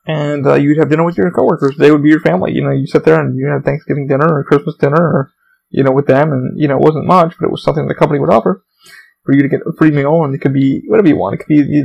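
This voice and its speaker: A young man talks through a casual podcast monologue, drifting from story to story and swearing freely. His voice sits a bit high for a man. A gravelly fry runs through his delivery. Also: darkish tone, muffled recording. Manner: profane, meandering storytelling. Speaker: podcast host.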